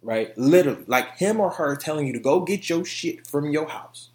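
A man hosting a solo podcast, talking in an animated, profane, casual way and now and then breaking into song. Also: fairly high pitch, normal speed. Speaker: podcast host.

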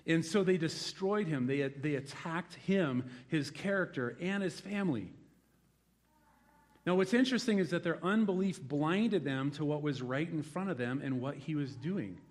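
A middle-aged man preaching a sermon in a conversational, animated way, acting out the voices in his stories. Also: fairly high pitch, moderate pace. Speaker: pastor.

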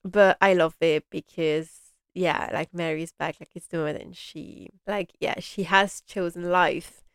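A woman in her young adult years hosting a casual recap of a TV drama, chatty and rambling, gushing and animated. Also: lowish voice, unhurried, clean tone, no room sound, clean studio sound. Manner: chatty and rambling, many "like" and "you know" fillers.

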